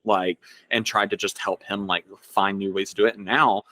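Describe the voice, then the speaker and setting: Low-voiced young man rambling casually. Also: fairly even intonation, moderate pace, sharp tone, no echo. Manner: rambling storyteller, heavy filler "like". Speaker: podcast co-host. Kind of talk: casual chat.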